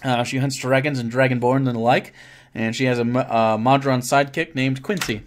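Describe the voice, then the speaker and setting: A man's voice: medium pitch, steady tone, normal speed. A man hosting a casual live stream, reading viewer messages aloud and joking around with lots of swearing and restarts.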